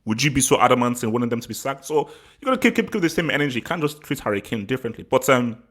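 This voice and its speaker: A man's voice: medium pitch, sing-song, very fast, a bit bright. A man from England hosting a football channel, giving his opinion in a rambling, casual vlog with frequent laughs and repeated words.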